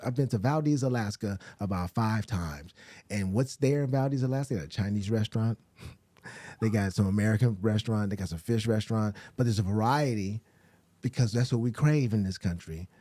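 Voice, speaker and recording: Southern male guest, mellow dark voice, dry close sound, animated rambling talker with a salty mouth. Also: no echo. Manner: animated, rambling, swears freely, jumps into high laughing asides. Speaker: actor and director, podcast guest. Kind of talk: casual conversational interview.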